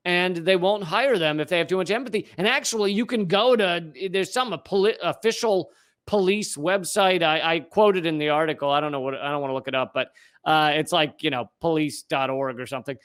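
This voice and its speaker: Man, fairly high voice, podcast co-host, casual storytelling, stumbling restarts, swears freely. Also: fairly quick, fairly bright tone, smooth. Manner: storytelling with frequent restarts, swears, laughs easily. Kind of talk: casual comedic chat.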